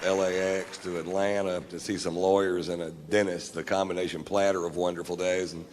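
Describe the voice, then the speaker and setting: Deadpan low-voiced male comedian, live. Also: a little fast, noisy background. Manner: laid-back, deadpan, profane. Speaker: stand-up comedian. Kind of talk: live stand-up storytelling. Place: live comedy venue on stage. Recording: live venue with reverb and crowd.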